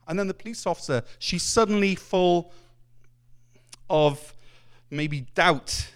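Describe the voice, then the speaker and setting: A man preaching a Sunday sermon in a church, earnest and lively as he acts out the voices in his stories. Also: high voice, slow pace, pauses often, smooth.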